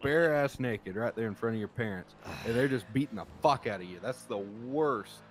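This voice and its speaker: A young man joking crudely with teammates over voice chat during an online race, laughing and animated. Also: medium pitch, normal speed, a little hiss or hum. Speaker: teammate in an online racing session.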